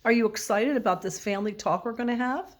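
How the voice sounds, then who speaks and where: A woman's voice: fairly high pitch, quick pace. Woman playfully scolding her dog. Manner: mock-scolding, playful questioning. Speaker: dog owner vlogger.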